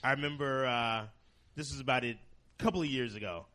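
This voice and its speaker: Brash man doing crude stand-up. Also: a little fast. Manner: crude, deadpan shock humor with sudden high-pitched outbursts. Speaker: stand-up comedian. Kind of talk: stand-up comedy set.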